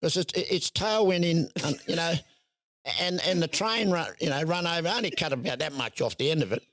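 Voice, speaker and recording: A man's voice: on the high side, brisk, a bit bright. An older man with an Australian accent, telling a rambling story as a guest in a casual interview. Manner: rambling yarn-spinner, acts out voices, laughs often. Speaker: guest, showman.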